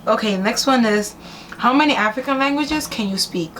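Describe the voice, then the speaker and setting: A woman's voice: a little high, normal speed, fairly bright tone, slight background noise, poor audio. A young woman from New York City hosting a casual chat with her cousin, teasing and laughing often. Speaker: host.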